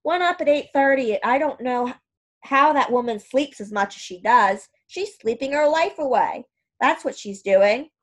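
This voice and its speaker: A woman's voice: sits high, lively intonation, a little slow. A woman doing a grumbling old grandpa. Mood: gruff. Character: older grandfather, plainspoken and grumbling.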